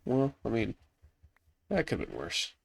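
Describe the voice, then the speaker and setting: A man's voice: mid-range voice, wildly swooping pitch, a little slow, vocal fry, slightly rough, no echo. A congested young man chatting offhand while playing a game, rambling and self-deprecating. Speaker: gaming youtuber. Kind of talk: casual gameplay commentary. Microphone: laptop setup.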